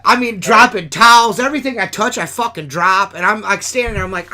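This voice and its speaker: Casting: a fairly high, bright-voiced man in loose podcast chat, loud and laughing, swearing nonstop. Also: lively intonation, a little fast, few pauses. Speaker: podcast host. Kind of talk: casual profane chat.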